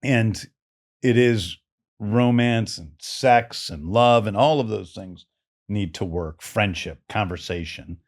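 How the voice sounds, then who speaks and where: A man's voice: fairly low pitch, takes it slowly. A middle-aged man, a guest on a podcast, telling stories in a casual, self-deprecating way with many restarts. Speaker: guest filmmaker. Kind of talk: casual storytelling conversation.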